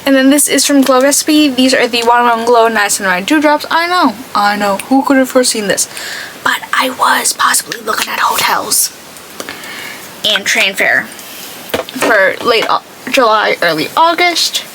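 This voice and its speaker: A woman's voice: a little high, animated, normal speed, noisy background. A young woman chatting casually while doing her makeup, rambling and full of "like". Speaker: beauty vlogger.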